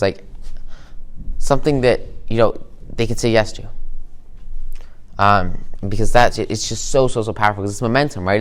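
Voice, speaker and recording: A male business coach talks casually and with enthusiasm, circling back over the same phrases with plenty of fillers. His voice is smooth and clear, pitched in an ordinary middle range. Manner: enthusiastic, repetitive, many fillers. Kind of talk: casual teaching talk to camera.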